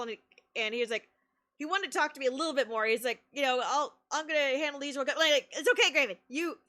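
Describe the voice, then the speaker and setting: Her voice pitched high, a female streamer chats casually while recounting a story. She is animated, laughs a lot, and lets out sudden excited shouts.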